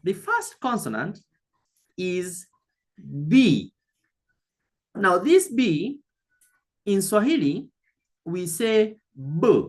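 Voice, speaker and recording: A woman teaching an online language lesson, speaking slowly and deliberately, repeating key words and addressing the learner directly. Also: mid-range voice, very animated.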